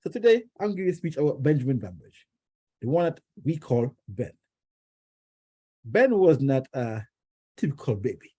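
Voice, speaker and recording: A man from Jamaica tells a family story to his club, his voice husky and very dark. His pitch swings widely as he acts out quotes, and he stumbles and restarts often. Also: sing-song, normal speed, long pauses. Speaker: club member giving an icebreaker speech. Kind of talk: personal prepared speech. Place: club meeting room.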